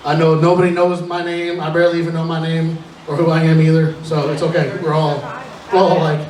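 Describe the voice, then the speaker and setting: A slightly high, monotone, darkish-toned voice moves briskly, heard from a distance in an echoey live venue. It's a nervous young man opening a comedy show, telling self-deprecating stories chattily and restarting often.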